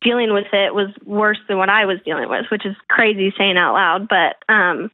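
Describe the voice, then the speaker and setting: Female caller, middle pitch, halting and filler-heavy, heard over a tinny phone line. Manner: hesitant, halting, many fillers. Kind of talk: call-in phone conversation.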